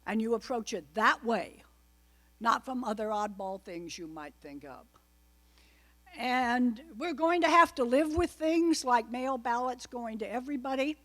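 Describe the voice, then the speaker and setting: A woman's voice: fairly high pitch, animated, measured pace, a bit bright. A woman giving an informal political talk to a live audience, chatty and wry, full of asides. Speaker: guest speaker at a political club.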